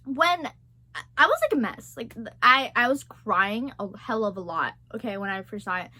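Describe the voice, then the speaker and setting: A young woman chatting casually as a vlogger, gushing and excitable, swearing freely. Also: fairly high pitch, normal speed, no echo. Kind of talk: casual chat.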